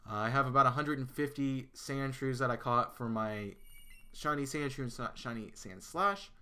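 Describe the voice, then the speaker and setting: A man's voice: mid-range voice, normal speed, sharp tone, clear, resonant tone. A man streaming a game live, chatting casually with his viewers, with lots of fillers and restarts. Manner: chatty, answers chat, many fillers and restarts.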